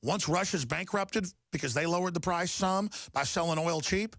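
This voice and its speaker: A middle-aged man rants on his talk radio show, his voice gravelly and forceful. He speaks a little high for a man and swells toward shouting as he pushes each point. The recording is dry and close. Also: normal speed, dry recording. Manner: impassioned, rising to shouting then calming. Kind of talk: ranting talk radio monologue.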